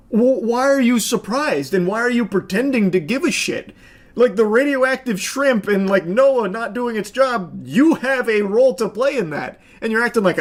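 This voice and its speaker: A man giving reaction commentary, ranting sarcastically and swearing freely. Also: sits high.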